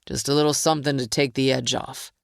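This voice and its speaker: A woman voicing a hard-edged, jittery ex-convict man high on drugs, talking in a dark, clipped, menacing way. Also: flat delivery, fairly quick, vocal fry, no echo, clean studio sound.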